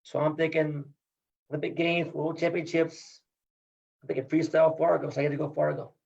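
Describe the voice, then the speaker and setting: A man's voice: on the high side, level tone, a little fast, gravelly, a little mellow, dull audio. A middle-aged man from Iowa, a wrestling coach, talking in a casual podcast interview in an emphatic, upbeat, folksy way.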